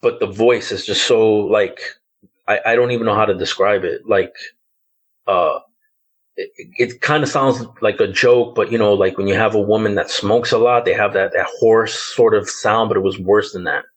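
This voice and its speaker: A somewhat low-voiced man around fifty, from the Bronx, talks through a haunting memory as a podcast guest. He tells it casually and haltingly, stacking fillers as he feels for the right words. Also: steady tone, husky, poor audio. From the Bronx, New York. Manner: loose, hesitant storytelling with many fillers like "like" and "um". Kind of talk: telling a personal ghost story.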